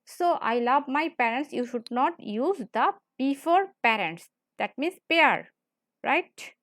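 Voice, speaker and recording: High-pitched female grammar teacher, repetitive lecture delivery, dry recording. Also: expressive, a bit bright, no echo. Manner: repetitive, explains slowly with frequent "right?". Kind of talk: classroom lecture.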